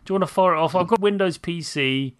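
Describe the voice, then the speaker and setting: A man's voice: high voice, fast, clean tone. A man hosting a podcast interview, chatting casually and enthusiastically with self-deprecating asides. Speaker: podcast host.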